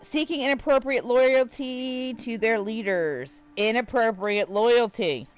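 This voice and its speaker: A woman's voice: a little high, a little slow, low-quality recording. A woman live streaming a game, chatting casually, reading text aloud and riffing with jokes for her viewers. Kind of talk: casual livestream chat while gaming.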